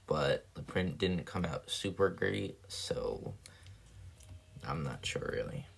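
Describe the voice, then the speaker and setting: A man casually thinking aloud while building paper planes on a live stream, soft-spoken and rambling. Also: deep voice, slow, creaky, slight background noise.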